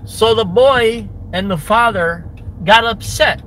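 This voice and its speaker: A man's voice: high-pitched, slow pace, noisy background. A man telling a rambling parable to camera outdoors, repeating and restarting his phrases. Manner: rambling, repetitive, stammering restarts.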